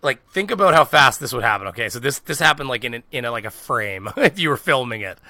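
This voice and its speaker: A man, co-hosting a podcast, telling a story in a lively, swearing, laughing way. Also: mid-range voice, quick pace, no echo. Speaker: podcast co-host. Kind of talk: casual storytelling chat.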